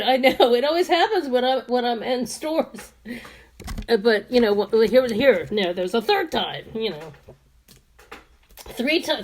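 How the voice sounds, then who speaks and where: A woman's voice: a little high, a little hiss or hum. A woman in her fifties telling a rambling story while doing her makeup, with many restarts and frequent laughter. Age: 50s. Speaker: beauty vlogger.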